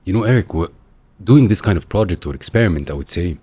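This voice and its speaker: Husky low-voiced podcast host. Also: male voice, animated, fast talker, dark tone, no room sound. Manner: short agreeing interjections, exclaims. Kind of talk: podcast interview.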